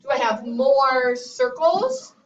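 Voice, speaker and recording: A kindergarten teacher leads young children through a math lesson, using a sing-song call-and-response. Her high-pitched voice is animated and slow, with background noise. The classroom recording sounds roomy, distant and dull.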